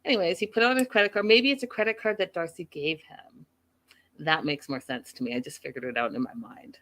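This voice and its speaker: A woman hosting a casual recap of a reality show, chatting in an animated, gossipy storytelling way. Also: low voice, quick pace. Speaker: show host.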